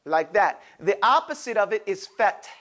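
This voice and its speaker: An Arabic pronunciation teacher with a high, bright voice leads a classroom lesson on pronouncing letters at normal speed. He talks to his students animatedly, exaggerating each sound and his mouth shapes so the room can copy him.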